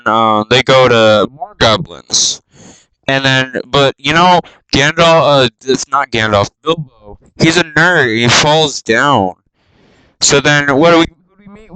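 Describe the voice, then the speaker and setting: A man's voice: mid-range voice, bright, forceful tone, smooth, no room sound, rough recording. A man giving a meandering, flippant comic retelling, full of asides and fillers. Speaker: YouTube spoof narrator.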